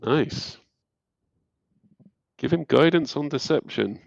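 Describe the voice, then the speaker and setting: Game master, man, halting and relaxed, dry close sound. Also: on the high side, gravelly, dry recording, highs cut off. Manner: hesitant, many ums, relaxed. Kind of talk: narrating a tabletop game.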